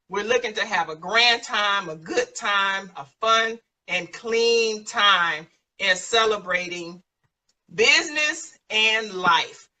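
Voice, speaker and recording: A woman from San Antonio, Texas, hosts a live online show in a medium-pitched, pushed, bright voice, recorded on a distant mic with poor audio. Emotional and effusive, she laughs often while thanking guests and announcing an event during live-stream chat and announcements.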